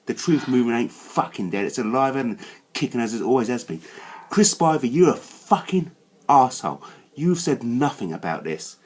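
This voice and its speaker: Furious man ranting, husky voice. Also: big pitch swings, a little fast. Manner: furious, swearing, swinging between low growls and high outbursts. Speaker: channel host. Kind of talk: angry rant to camera.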